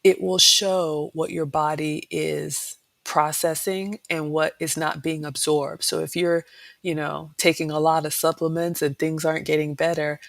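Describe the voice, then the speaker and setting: A woman's voice: low voice, vocal fry, no room sound. A middle-aged woman hosting a cooking channel livestream, chatting casually and repeating words for emphasis.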